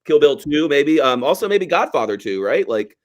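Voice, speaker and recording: A man's voice: on the high side, big pitch swings, moderate pace. A man co-hosting a movie podcast, chatting casually and loosely, with lots of fillers. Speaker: podcast co-host. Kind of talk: casual chat about a movie.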